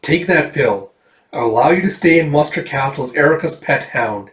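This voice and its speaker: A man voicing a cruel aristocratic baron who gloats in a smooth, menacing way, in an echoey room. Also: fairly high pitch, lively intonation, moderate pace, fairly bright tone. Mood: gloating. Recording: echoey room, far from mic.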